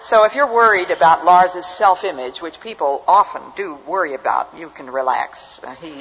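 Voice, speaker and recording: A woman's voice: on the low side, moderate pace, a bit bright. An older woman giving a talk to an audience, telling stories with dry humor. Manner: dry, humorous anecdotal delivery. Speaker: speaker. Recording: muffled hall recording with long reverb.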